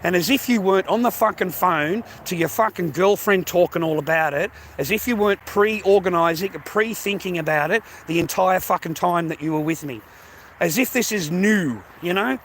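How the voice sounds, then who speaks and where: A man's voice: sits high, expressive, normal speed, fairly bright tone, a little hiss or hum. An Australian man ranting about his grievances, swearing heavily and repeating himself. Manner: aggrieved, heavy swearing, repetitive. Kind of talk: angry personal rant.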